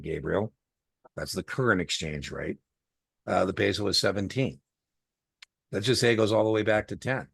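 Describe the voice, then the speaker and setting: A man's voice: low-pitched, vocal fry, fairly bright tone, husky, no room sound, clean studio sound. A middle-aged man tutoring a student one-on-one over a video call, chatty and folksy, telling stories with lots of fillers. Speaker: exam tutor.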